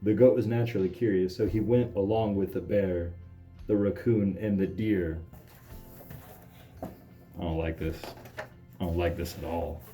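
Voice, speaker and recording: A man reads a picture book aloud in a low, warm, relaxed voice. He keeps interrupting himself with dry, mocking asides. Soft music plays faintly behind him. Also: normal speed, pauses often. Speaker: comedic reader. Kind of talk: sarcastic read-aloud commentary.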